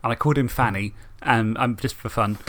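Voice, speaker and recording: In casual podcast chat about tabletop and video games, a male co-host rambles and laughs frequently. He speaks fairly quickly in a mid-range, slightly bright voice.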